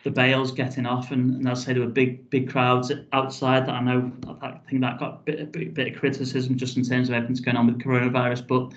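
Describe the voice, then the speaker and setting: Flat-voiced man telling a story, lo-fi. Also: medium pitch, fast talker, few pauses. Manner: rambling, restarts phrases, frequent "um" and "you know". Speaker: football club chief executive. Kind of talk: casual storytelling in a podcast interview. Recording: dull lo-fi audio.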